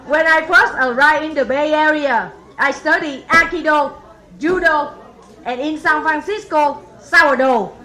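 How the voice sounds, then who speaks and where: A high-voiced woman from Vietnam with a Vietnamese accent delivers slow one-liners in a stand-up set. She often chuckles at her own jokes, and a loud, laughing club crowd answers her. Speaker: stand-up comedian.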